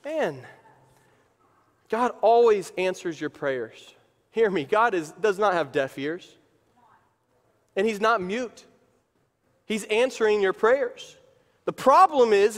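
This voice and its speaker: A man pastor delivering a sermon, emphatic and fond of repeating phrases. His voice sits high. A long church reverb trails after him. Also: lively intonation, measured pace, pauses often. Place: church sanctuary.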